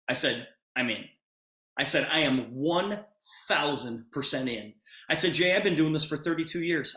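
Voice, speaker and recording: Man telling an animated story on a video call. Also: on the high side, roomy sound. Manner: animated storyteller who acts out both sides of the talk. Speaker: presenter of a business opportunity call.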